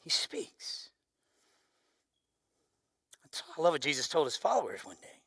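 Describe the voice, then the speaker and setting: A man preaching a sermon as pastor, with a loud voice that swings from forceful emphasis down to near-whispers. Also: a little high, huge pitch swings, unhurried, gravelly, slightly rough, no echo, studio quality, in a large hall.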